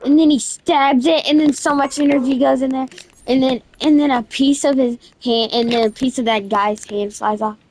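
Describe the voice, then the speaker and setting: A woman narrating a game event in a casual, excited, slangy way, restarting her sentences again and again. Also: high voice, moderate pace, slight background noise. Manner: rambling storytelling with constant restarts. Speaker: gaming video creator.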